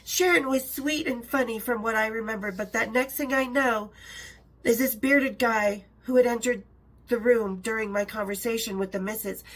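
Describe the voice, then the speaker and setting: This middle-aged author and storyteller reads her own memoir at normal speed, her voice high with fairly even intonation. Between passages she laughs, breaks off for chatty asides and interrupts herself.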